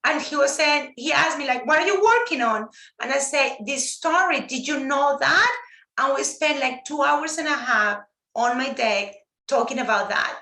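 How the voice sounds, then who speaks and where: A woman whose first language is Spanish speaks in a high, bright voice, earnest and heartfelt, often circling back over her own words. She talks over a video call in an echoey room. The voice carries a casual live-stream feel. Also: expressive, normal speed. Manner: earnest, heartfelt, many restarts. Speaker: guest teacher.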